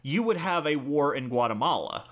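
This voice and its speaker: A man's voice: fairly high pitch, lively intonation, normal speed, fairly bright tone. A young man co-hosting a casual history podcast, explaining from his notes and laughing easily. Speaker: podcast co-host.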